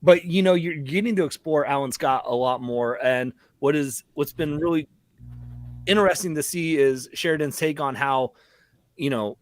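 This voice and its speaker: A man's voice: on the high side, normal speed. A man talking casually on a live-streamed panel, rambling with lots of fillers.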